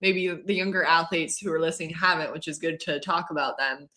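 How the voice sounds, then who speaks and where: Female mental-performance coach as guest, explanatory, bright ringing tone. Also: sits low, fairly even intonation, fairly quick. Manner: explanatory, often checks in with "right?". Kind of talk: casual podcast interview.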